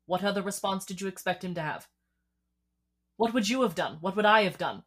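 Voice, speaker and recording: A woman's voice: mid-range voice, expressive, fairly quick. A woman playing a tabletop character in a poised, arch and coolly persuasive way. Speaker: player.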